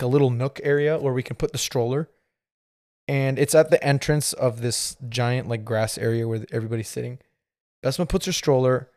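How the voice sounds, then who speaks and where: A man's voice: medium pitch, a little mellow, dry recording, studio quality. A man in his thirties hosting a podcast, telling a rambling story with lots of fillers and laughing as he goes. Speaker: podcast host. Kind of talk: casual storytelling.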